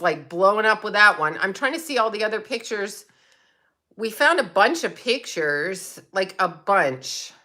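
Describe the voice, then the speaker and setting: A woman's voice: medium pitch, pushed and bright. A middle-aged woman chatting casually on a livestream, laughing often and talking to viewers by name. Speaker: psychic medium and livestream host.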